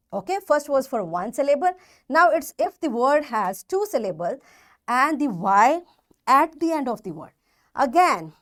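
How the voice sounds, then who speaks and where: A woman with a Pakistani English accent teaching a recorded phonics lesson to children, patiently repeating example words and checking that they follow. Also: sits high.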